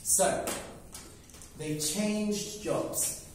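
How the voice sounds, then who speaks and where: A man telling a simple story slowly for English learners, often repeating words and checking that listeners follow. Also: high voice, noisy background. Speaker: English teacher. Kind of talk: slow story-telling lesson. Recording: echoey room, mic at a distance.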